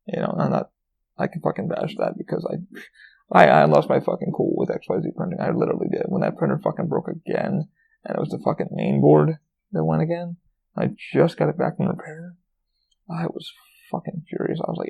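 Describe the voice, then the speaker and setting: A man's voice: fairly high pitch, big pitch swings, a little fast, creaky, warm tone, slightly rough. A man hosting a casual solo podcast, rambling and swearing freely with many fillers and restarts, recorded with a dull lo-fi sound. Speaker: podcast host.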